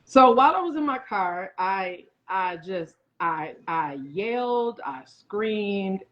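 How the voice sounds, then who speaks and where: A woman's voice: mid-range voice, expressive, slow pace. A woman in her forties, a guest chef, telling a story in a casual interview and acting out other people's lines in quoted voices. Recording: muffled lo-fi audio.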